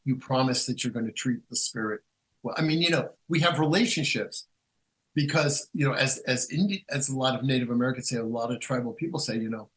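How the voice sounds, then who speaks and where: A man's voice: mid-range voice, brisk, low-quality recording. A man who is a guest author, talking casually and rambling through stories with many restarts and acted-out quotes. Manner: animated, acts out quotes in storytelling. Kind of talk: casual conversational storytelling.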